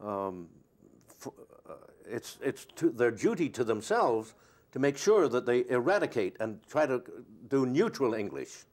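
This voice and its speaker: A man's voice: mid-range voice, big pitch swings, a little slow, darkish tone. Older man telling rambling anecdotes. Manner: rambling and anecdotal, many fillers. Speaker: actor interviewed as a guest. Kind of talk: casual interview chat.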